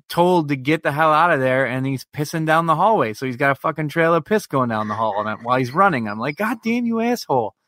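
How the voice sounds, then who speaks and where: A man's voice: mid-range voice, fairly bright tone, no room sound, studio quality. A man co-hosting a podcast, telling a long, profane story in casual chat. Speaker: podcast co-host.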